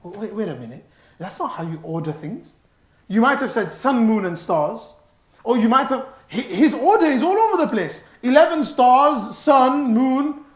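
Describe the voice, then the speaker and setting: A man giving a sermon in a mosque, animated and stressing his words, mixing in Arabic phrases. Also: sits high, moderate pace. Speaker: mosque speaker. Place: mosque hall. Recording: echoey mosque hall.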